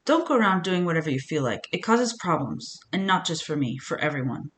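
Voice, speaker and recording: A woman's voice: low-pitched, sing-song, fairly quick, fairly bright tone. A woman voicing a cool, stern teen girl in a game, speaking in a cold, clipped tone.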